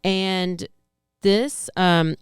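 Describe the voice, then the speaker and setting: Chatty woman, lowish smooth voice. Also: fairly even intonation, very slow, no echo, studio quality. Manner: chatty, rambling, trails off with fillers. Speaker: podcast co-host. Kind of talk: casual true crime chat and ad reads.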